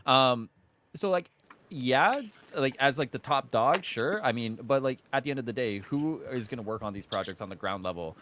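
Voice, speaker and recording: A man's voice: medium pitch, expressive, moderate pace, a bit bright, a little hiss or hum. A man in a casual group chat, rambling with lots of fillers.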